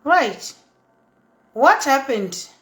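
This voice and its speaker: A woman in her thirties with a Zimbabwean accent, telling her story in a chatty, animated way that mixes English and Shona. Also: high-pitched, drawn-out words, reverberant. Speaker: socialite vlogger. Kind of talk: casual storytelling monologue.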